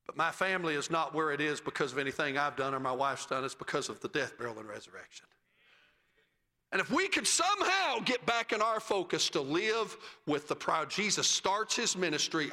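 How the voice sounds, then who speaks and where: Brief: middle-aged pastor, tenor voice, very bright and cutting tone, rhythmic preaching cadence, echoing church hall. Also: male voice, big pitch swings, fairly quick. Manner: preaching cadence, rising to shouts and dropping low at phrase ends. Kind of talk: sermon. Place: church sanctuary.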